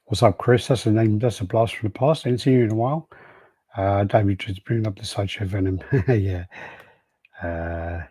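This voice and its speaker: Man, low mellow husky voice, dry sound, laid-back podcast host, reading viewer comments. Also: moderate pace, no room sound. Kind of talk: casual chat. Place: podcast studio.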